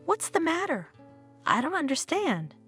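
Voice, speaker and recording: A woman's voice: very high-pitched, very animated, unhurried, fairly bright tone, faint music behind, voice pushed up, heavily acted. A woman voicing a worried young father who speaks in an earnest, pleading way in a told story.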